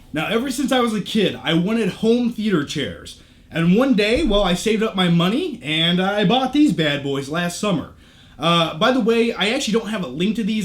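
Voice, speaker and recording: A man with a fairly high voice that swings widely up and down as he talks. He chats his way through a tour of his home theater room, tossing in jokes and casual swearing. He sounds close and clear on a camera shotgun mic. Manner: chatty, joking asides, casual swearing.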